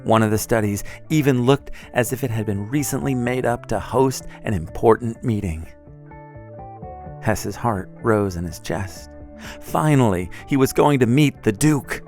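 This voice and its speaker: Man narrating over soft music. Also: mid-range voice, measured pace. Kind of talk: scripted podcast narration.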